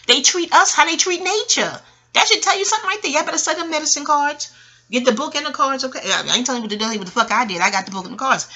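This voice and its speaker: Brief: bright-voiced woman in her forties from Queens, rambling and cursing as she digresses. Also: a little high, big pitch swings, fairly quick. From Queens, New York. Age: 40s. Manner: digressive, profane, laughs loudly. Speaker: channel host. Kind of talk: rambling audio monologue.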